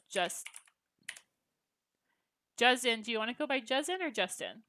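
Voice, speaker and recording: Bright, bubbly woman streamer. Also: a little high, lively intonation, measured pace, long pauses. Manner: bubbly, chatty, reacting to chat. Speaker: gaming livestream host. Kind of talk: casual livestream chat with viewers.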